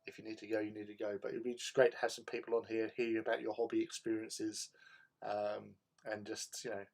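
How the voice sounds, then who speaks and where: A man hosting a casual hobby livestream, chatting in a relaxed way and answering viewers' chat while he paints. He often repeats words as he thinks. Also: medium pitch. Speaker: livestream host.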